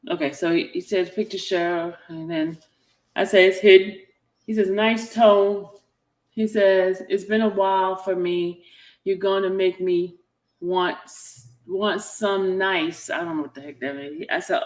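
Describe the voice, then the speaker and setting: This commentary channel host has a medium-pitched voice and a measured pace. Reading a text exchange aloud in a casual chat, she stays chatty and animated while repeatedly cutting herself off with "hold on," all in an echoey room.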